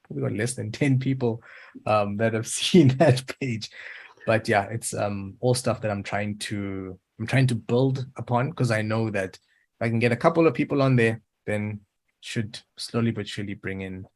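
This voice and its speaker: Low-voiced South African man. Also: normal speed. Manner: thoughtful, with frequent ums and soft laughs. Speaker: interview guest, voiceover artist. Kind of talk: casual interview answers.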